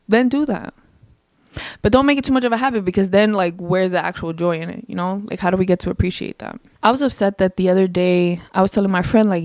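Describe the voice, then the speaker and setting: A young woman hosting her own show in a casual solo chat, blunt and emphatic, with a naturally loud voice that projects. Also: medium pitch, dry recording, clean studio sound. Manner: blunt, emphatic, talks fast with lots of "like". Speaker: podcast host.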